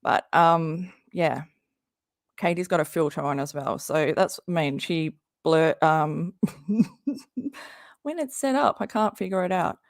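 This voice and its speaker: A woman hosts a casual livestream from home. Her voice is low and gravelly with fry, hoarse as she is losing it. She chats, greets viewers and laughs often, and the sound is dry and close. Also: slow, pauses often, no echo. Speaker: livestream host. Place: home under a tin roof in rain.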